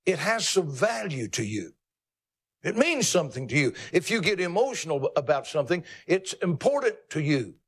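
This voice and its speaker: A male pastor preaching a sermon in an emphatic, folksy, teasing manner, jumping his pitch up for emphasis. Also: fairly bright tone, slightly rough.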